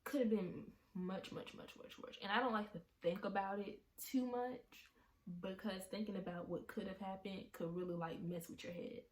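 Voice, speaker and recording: A woman vlogger telling an emotional story. She talks haltingly, with many fillers and restarts, and sounds shaken as she relives a frightening event. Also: medium pitch, fairly even intonation, darkish tone.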